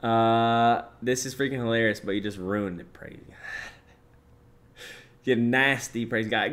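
A young man casually chatting on a live stream, reading out chat messages, joking around and swinging between low mumbles and loud excited bursts. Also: unhurried, pauses often.

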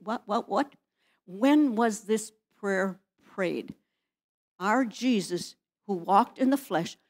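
A woman's voice: mid-range voice, darkish tone. A woman pastor preaching in a church, firing rhetorical questions at the congregation. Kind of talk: sermon.

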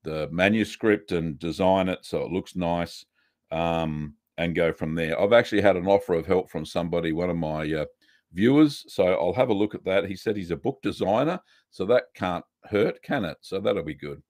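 An Australian man hosting a casual live stream, chatting in a relaxed way and greeting viewers one by one. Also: deep voice, moderate pace, dry recording, studio quality.

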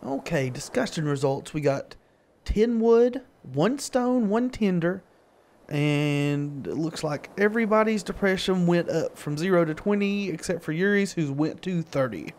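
A man giving relaxed, explanatory commentary while playing a video game. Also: high voice, unhurried. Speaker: gaming video host. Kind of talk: let's-play commentary.

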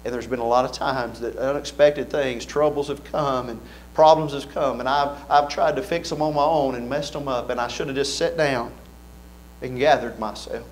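A man's voice: medium pitch, fairly even intonation, normal speed, slight background noise. A man preaching an earnest sermon in a church, building fervor with repeated phrases.

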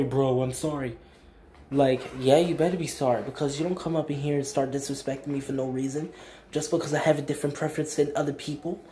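A man's voice: medium pitch, darkish tone, a little hiss or hum. A young man ranting in a vlog, emphatic and blunt, repeating his points with slang. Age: young adult. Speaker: vlogger. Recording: echoey room.

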